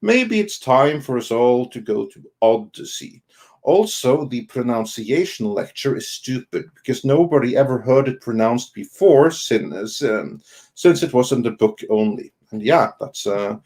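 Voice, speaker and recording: Live-stream co-host, male, mid pitch, halting and filler-heavy, casual read-out of viewer messages. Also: expressive, a little mellow. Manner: halting, many ums and restarts. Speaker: co-host of an online entertainment news show. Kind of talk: casual live-stream chat reading Super Chats.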